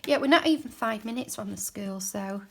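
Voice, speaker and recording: A woman chatting casually while she crafts at home, rambling and dropping into soft mutters as she works. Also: mid-range voice, normal speed, a little hiss or hum. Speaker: craft journaling creator. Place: home craft desk, indoors.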